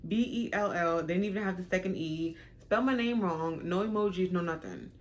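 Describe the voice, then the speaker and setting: A young woman telling a storytime on her vlog, frank, animated and profane. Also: fairly low pitch, fairly quick. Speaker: vlogger.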